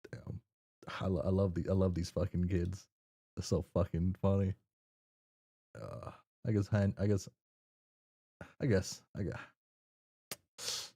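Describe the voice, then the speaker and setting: A man streaming his first read of a webcomic, reacting in quiet, amused, swearing asides. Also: low-pitched, level tone, slow pace, pauses often, husky.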